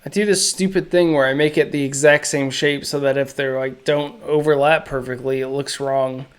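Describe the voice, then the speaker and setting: A man streaming live as he draws, chatting casually in slow, musing, self-critical asides, his throat feeling a little off. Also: medium pitch, fairly even intonation, clean tone. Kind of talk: casual live-stream chat while drawing.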